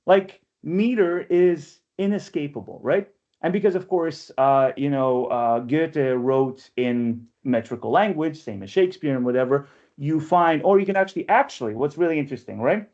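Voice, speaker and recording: A man lectures in an online poetry workshop in a mellow, darker voice. His delivery is chatty and self-mocking, peppered with tag questions. The audio comes through a slightly dull, lo-fi video call mic. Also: on the high side. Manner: chatty, ends phrases with frequent "right?" tag questions. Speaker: workshop leader and poetry editor. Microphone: video call microphone.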